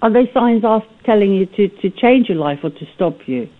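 A caller heard over a thin, tinny phone line, talking at a middling pitch. They sound chatty and earnest and laugh easily. The voice comes through narrow and lo-fi. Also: animated, normal speed. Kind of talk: phone-in call to a radio show.

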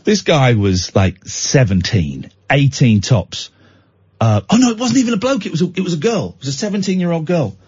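A man on talk radio, rambling through a self-deprecating story with lots of restarts and a lively, swooping delivery. His voice is husky and a little high, and he sounds worn out. The studio sound is dry but dull and muffled. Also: normal speed, dry recording. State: tired out. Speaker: radio show host.

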